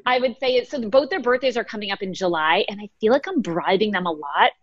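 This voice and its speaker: A woman's voice: medium pitch, lively intonation, fast talker, dry recording, highs cut off. A woman co-hosting a podcast, chatting and confessing her parenting slips while laughing at herself. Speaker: podcast co-host. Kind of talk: casual chat.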